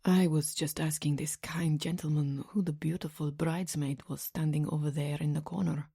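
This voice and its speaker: A hushed, formally polite man with a strong Italian accent, put on by a woman narrating an audiobook. He speaks low and softly, with a smooth, husky, mellow tone. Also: fairly even intonation, normal speed, exaggerated voice.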